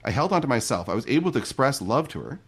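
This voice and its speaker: A middle-aged man, a guest on a podcast, telling stories and explaining ideas in a relaxed, conversational way. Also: mid-range voice, slightly rough. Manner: fast, animated storytelling. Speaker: podcast guest, marriage coach.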